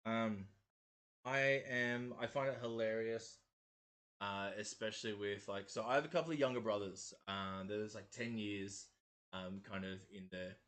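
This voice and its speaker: A man in his thirties with a somewhat low voice and a faint Maori accent that shows mostly in his R's. He hosts a relaxed livestream and chats loosely. He rambles, corrects himself mid-sentence and chuckles often. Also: measured pace. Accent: slight Maori, mostly in the R's. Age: 30s. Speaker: host of a miniature painting stream. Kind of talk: casual livestream chat.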